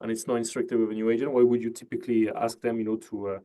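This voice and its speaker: A man's voice: medium pitch, level tone, fast talker, warm tone. A man hosting a casual interview, easygoing, filling gaps with "you know" and "uh". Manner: easygoing, lots of fillers, asks leading questions. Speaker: host. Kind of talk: casual interview on a video call.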